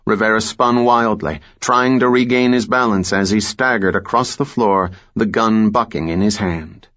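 A man narrating a thriller audiobook in a measured, steady way. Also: lowish voice, muffled recording.

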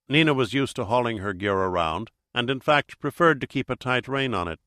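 A man with a mid-range voice narrates an audiobook in a steady, measured way. It's scripted narration with clean studio sound and no room sound.

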